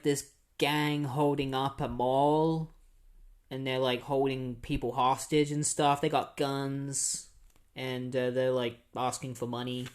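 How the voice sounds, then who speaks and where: A young man hosting a podcast, casually recapping a comic book in a rambling way, full of fillers. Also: medium pitch. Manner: rambling, filler-heavy, easygoing. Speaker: podcast host.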